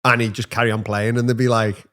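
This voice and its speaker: A man who teaches, co-hosting a podcast in casual chat and telling school stories with lively acted-out quotes. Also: medium pitch, fast talker. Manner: animated storyteller who acts out voices in his anecdotes.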